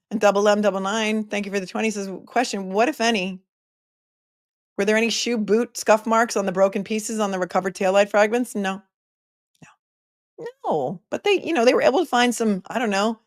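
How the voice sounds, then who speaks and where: A middle-aged woman with a medium-pitched voice, recorded dry and clean like a studio, hosts a laid-back live stream. She reads comments from viewers aloud, chatty and snarky in her asides, with lots of hesitant fillers.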